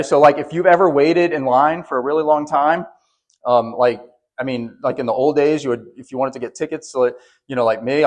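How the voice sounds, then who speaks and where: A pastor preaching a sermon, conversational and often restarting words, then building to emphatic peaks. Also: male voice, medium pitch.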